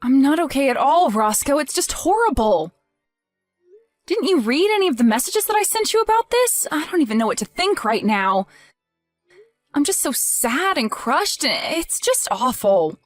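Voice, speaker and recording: A hurt young wife with a high, swooping voice, voiced by a woman, pleading and indignant by turns. Her voice is close and dry, and soft music plays under it in this text-message drama. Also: very animated, moderate pace, dry recording. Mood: grieving. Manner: tearful, pleading, rising to indignant.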